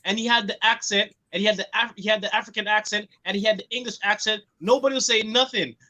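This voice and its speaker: A man's voice: sits high, fairly even intonation, fast, pushed and bright, no room sound, rough recording. A man co-hosting a wrestling podcast in casual chat, enthusiastic, often repeating himself. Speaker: podcast co-host.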